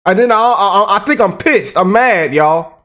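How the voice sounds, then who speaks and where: A man hosting a reaction video, talking to his viewers in an excitable, hyped way. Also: high-pitched, measured pace. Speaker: host. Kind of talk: reaction commentary.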